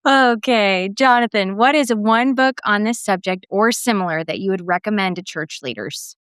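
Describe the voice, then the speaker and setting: A woman's voice: mid-range voice, normal speed, a bit bright, clear, resonant tone, dry recording, clean studio sound. A woman co-hosting a podcast, asking questions and backing up her guest with frequent short affirmations. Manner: supportive, many short affirmations. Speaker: podcast co-host. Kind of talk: casual interview conversation.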